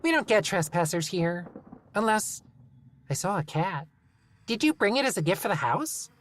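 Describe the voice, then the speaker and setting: Talia, a haughty high-voiced gnome woman, as a reader puts her on. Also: sing-song, moderate pace, a little hiss or hum, close to an everyday voice. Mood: eager. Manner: haughty, blunt, matter-of-fact. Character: haughty bearded female garden gnome, blunt and macabre. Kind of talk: audiobook character reading.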